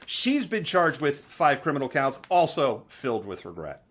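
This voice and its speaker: A man's voice: mid-range voice, big pitch swings, moderate pace, fairly bright tone. A man hosting a live news commentary show, chatting in a sarcastic, mocking way. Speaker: host.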